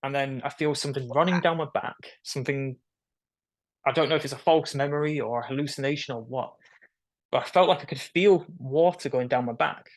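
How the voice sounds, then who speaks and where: A young man tells his story in a casual, animated way. His voice sits at a middle pitch. He is on a video call and jumps into the voices of the people he quotes. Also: brisk. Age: young adult. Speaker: guest.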